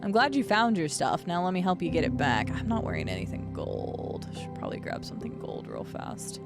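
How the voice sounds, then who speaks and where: Woman streamer, casual chat, very animated pitch, laughs a lot. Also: a little fast, creaky, over loud music. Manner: chatty, laughs often, talks to chat and players.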